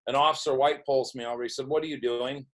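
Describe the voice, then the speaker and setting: With a mid-range voice and steady tone, a middle-aged man speaks at a quick pace. As a podcast guest, he shares his recovery story in interview form, acting out what others said. The recording is rough.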